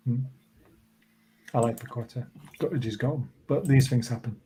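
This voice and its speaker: A man's voice: mid-range voice, normal speed, warm tone, slight background noise. A man, in his thirties, hosting a casual football chat show in a laid-back, chatty way. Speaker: host.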